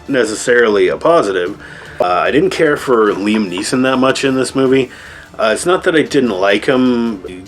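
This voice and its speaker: A man's voice: fairly low pitch, fairly bright tone. A man giving a casual, rambling movie review with sarcastic asides. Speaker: video reviewer.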